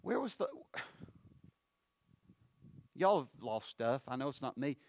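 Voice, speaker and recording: A man, preaching a sermon. His loud, rising appeals drop to low, hushed phrases. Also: big pitch swings, slow pace, no room sound.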